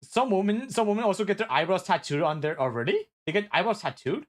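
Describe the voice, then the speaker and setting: Excitable young man. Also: sits high, fast talker. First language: Korean. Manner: excitable, apologetic and sweary, with frequent laughter and restarts. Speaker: streamer. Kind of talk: casual live-stream chat reacting to viewer messages.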